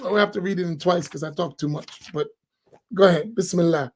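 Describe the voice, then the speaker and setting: A man speaks as an imam in a relaxed talk. He tells stories in an animated, colloquial way and often laughs. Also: sits high, fairly quick. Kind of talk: casual talk after dawn prayer.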